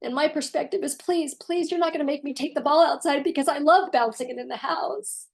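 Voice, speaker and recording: A woman's voice: high-pitched, brisk, gravelly, voice pushed up. A woman voicing a whiny, self-pitying young boy with mocking, exaggerated pleading.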